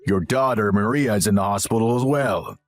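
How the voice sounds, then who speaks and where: A man's voice: on the low side, faint music behind, close to an everyday voice. A man doing a stern, disapproving older father. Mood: grave. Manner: firm, measured and reproachful.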